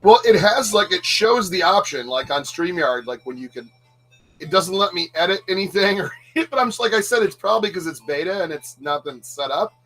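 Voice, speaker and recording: A man's voice: sits high, animated, brisk, fairly bright tone, breathy edge, poor audio. A man hosting a live retro gaming stream, chatting casually and playing, cracking self-mocking jokes and laughing often. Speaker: livestream host playing retro games. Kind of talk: casual gaming chat with commentary.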